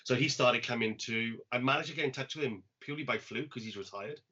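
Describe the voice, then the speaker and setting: A man tells an anecdote on a poetry podcast, casual and animated, acting out each quoted line. His voice sits at a middle pitch. The recording is dull and lo-fi. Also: fast talker. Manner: animated anecdote-teller, acts out quoted lines. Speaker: poet and podcast co-host. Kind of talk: casual storytelling chat.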